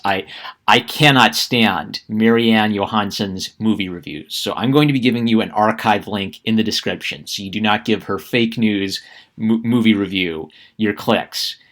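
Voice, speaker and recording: A man with a fairly low voice runs a sarcastic opinion vlog. He stumbles and restarts his sentences often, in a loose conversational way. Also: fairly bright tone. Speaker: YouTube commentator.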